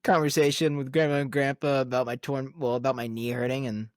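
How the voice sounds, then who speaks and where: A man co-hosting a relaxed podcast chat, his voice at an ordinary middle pitch. He tells stories with lots of energy, slipping into the voices of the people he quotes and laughing as he goes. The recording is close and dry. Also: brisk, no room sound. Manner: animated storyteller who acts out quoted dialogue and laughs often. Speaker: podcast co-host. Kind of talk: casual conversation.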